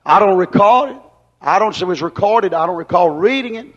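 Male preacher, high-pitched, swings from shouts to hushed asides; dull old recording. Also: expressive, brisk. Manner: emphatic, repeats phrases, swings from loud exclamations to hushed asides. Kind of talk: fervent sermon.

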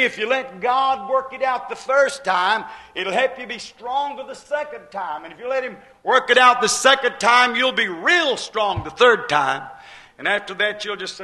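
A man's voice: high-pitched, sharp tone, low-quality recording. A man preaching a sermon in a folksy, emphatic way, repeating his points with plain homespun speech.

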